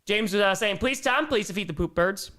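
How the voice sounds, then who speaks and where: Young man, live sports streamer, high lively voice, bright tone, cheering and joking. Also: fairly quick. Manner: energetic, cheering, jokey. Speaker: sports streamer reading donations.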